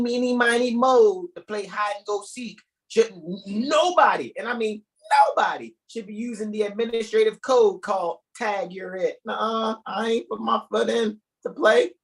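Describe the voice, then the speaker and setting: A man's voice: high voice, low-quality recording. A man hosting an online study group over a video call, lecturing in a profane, emphatic, joking way. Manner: profane, emphatic, preachy with jokes.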